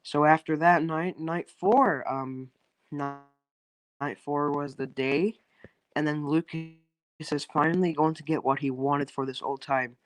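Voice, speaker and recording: A man's voice: on the high side, steady tone, unhurried, rough recording. A young man on a phone in an online call, retelling a story in a loose, rambling way, with many restarts, fillers and casual swearing.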